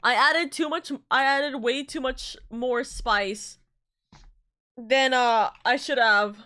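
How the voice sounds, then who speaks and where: A woman with a high, steady, sharp-toned voice speaks slowly as a VTuber on a live stream. She chats casually and rambles, breaking into asides while she reads out chat messages and thanks viewers.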